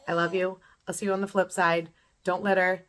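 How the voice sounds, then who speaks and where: A woman's voice: lowish voice, level tone, a little fast. A woman in her thirties giving an earnest, repetitive motivational pep talk to camera, as in a home beauty vlog. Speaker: beauty vlogger.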